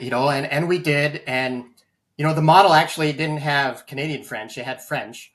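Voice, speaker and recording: Earnest man with halting, filler-heavy speech. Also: on the high side, a bit bright. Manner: earnest, many fillers and restarts. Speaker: guest, AI voice banking practitioner. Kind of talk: conversational interview storytelling.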